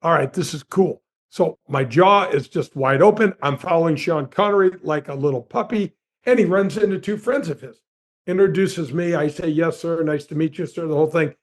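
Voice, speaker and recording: Man, 60s, ex-golf pro, higher voice, animated storyteller. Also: moderate pace. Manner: lively storyteller with big pitch swings; addresses the host by name often. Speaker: guest, former tour golf pro. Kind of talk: animated anecdote telling.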